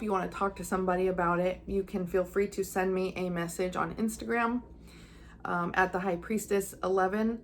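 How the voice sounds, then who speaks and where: There's a bit of background noise as a young woman, a psychic medium, talks casually to camera. In a medium-pitched voice she earnestly relates a personal story and plays out her own thoughts with emotion.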